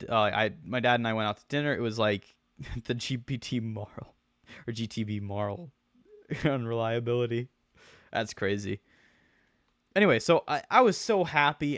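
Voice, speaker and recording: A man's voice: medium pitch, fairly bright tone, dry recording, clean studio sound. A young man telling a rambling, slangy story with many restarts and swearing, as a streamer. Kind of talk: casual storytelling rant.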